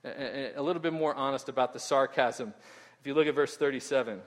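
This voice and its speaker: A man preaching a sermon in an animated way, often asking "right?" and repeating words as he goes. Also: medium pitch, fast. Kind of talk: expository sermon. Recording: long hall reverb.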